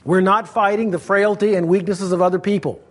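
A man's voice: high voice, steady tone, brisk. A man preaching an expository sermon, reading scripture aloud and explaining it verse by verse.

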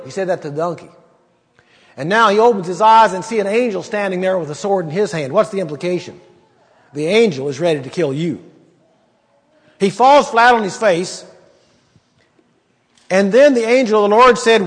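A man's voice: high-pitched, normal speed, long pauses, big-room sound. A man preaching a sermon and teaching from the Bible, talking conversationally and emphatically with rhetorical questions.

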